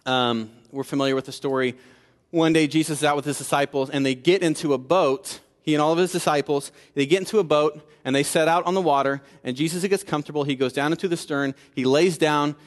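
A man preaching a sermon in a conversational style, building to emphatic peaks and dropping low for asides. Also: steady tone, brisk, long reverb tail. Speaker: pastor.

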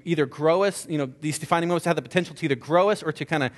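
Man, pastor, earnest sermon, rhetorical questions, slightly high voice, long hall reverb. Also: racing.

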